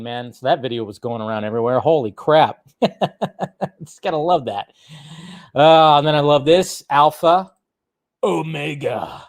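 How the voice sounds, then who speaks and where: Excitable, foul-mouthed man hosting film news. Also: fairly high pitch. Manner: excitable, swears freely, laughs often. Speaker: host of a film news channel. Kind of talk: casual movie news commentary.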